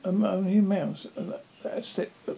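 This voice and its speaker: Halting amateur storybook reader; dark, gravelly tone, muffled lo-fi recording. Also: medium pitch, fairly even intonation. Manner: halting, many slips and restarts. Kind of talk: storybook read-aloud. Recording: dull lo-fi with faint noise.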